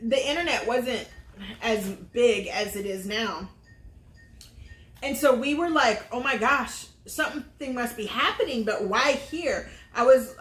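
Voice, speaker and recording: Speaking in a somewhat high, slightly bright voice, a middle-aged woman hosting a vlog earnestly relates something from her own life. Fillers crop up often in this casual storytelling chat, and the room gives off plenty of echo.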